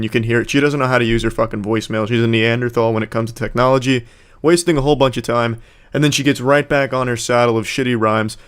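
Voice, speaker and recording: Deadpan, smooth-voiced male commentator. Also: mid-range voice. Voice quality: deadpan and mocking. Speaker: commentator reacting to a rap battle video. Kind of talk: sarcastic commentary.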